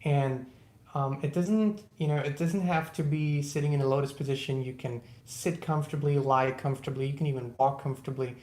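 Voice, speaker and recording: A livestream host giving a calm, soothing motivational talk, greeting viewers by name and guiding slow breathing. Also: mid-range voice, reverberant.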